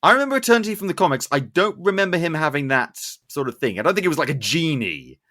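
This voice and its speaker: A man's voice: on the high side, quick pace. Man hosting a casual film-review podcast. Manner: animated, sarcastic asides. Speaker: podcast host.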